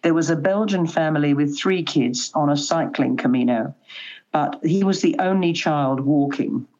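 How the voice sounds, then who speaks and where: A woman's voice: low-pitched, normal speed, highs cut off. An older woman, a guest in an interview, telling stories in a chatty way and animating the voices she quotes. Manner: chatty storyteller, animated quoting. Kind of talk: conversational interview.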